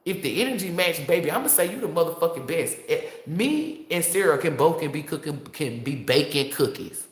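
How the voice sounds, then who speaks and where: A woman's voice: very deep voice, lively intonation, a little fast. A woman, a tarot reader, speaking to her viewers in a blunt, profane, preachy monologue. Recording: echoey room.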